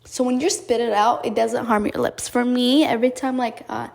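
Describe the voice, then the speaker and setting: A woman's voice: on the high side, steady tone, moderate pace, gravelly, a little mellow. A young woman hosting a podcast, chatting casually and rambling, with many fillers and restarts, talking straight to her listeners. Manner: talks directly to listeners as guys. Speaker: podcast host. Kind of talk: casual chat.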